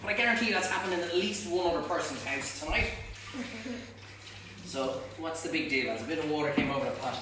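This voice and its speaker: A man's voice: fairly high pitch, quick pace. A man hosting a live cook-along, chatty and blunt, bantering with viewers as he cooks. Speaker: cooking show host. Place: home kitchen. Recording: echoey kitchen, faint hum.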